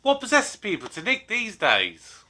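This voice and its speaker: A man's voice: high-pitched, wildly swooping pitch, a little slow, pushed and bright. A man hosting a reaction video, chatting casually and commenting on the clips he watches. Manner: chatty and apologetic, laughs along.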